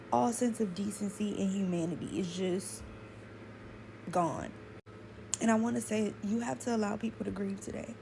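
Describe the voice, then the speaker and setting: Woman vlogger, earnest and close to tears, low gravelly tone, faint hiss behind. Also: moderate pace, long pauses. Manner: earnest, pleading. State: holding back tears. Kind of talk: earnest emotional monologue.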